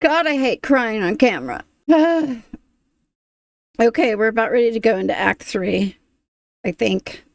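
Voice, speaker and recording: A woman's voice: on the high side, animated, normal speed, gravelly, no room sound, clean studio sound. A woman hosting a reaction video, talking casually, moved and thoughtful, often trailing off.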